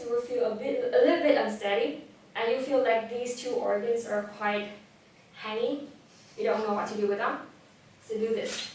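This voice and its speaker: A young woman whose first language is Vietnamese, giving a lively, direct talk on public speaking to a live audience. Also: a little high, slight background noise. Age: young adult. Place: event hall. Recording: echoey hall, voice from far off.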